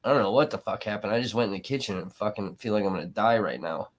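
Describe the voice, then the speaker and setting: A man's voice: fairly low pitch, fast talker. A man hosting a live stream, talking casually in a profane, sarcastic, rambling way, sniffly from allergies.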